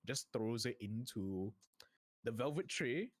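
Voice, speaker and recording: A man's voice: medium pitch, sing-song, takes it slowly, no room sound, clean studio sound. A man narrating as game master of a tabletop game, easygoing and laughing often.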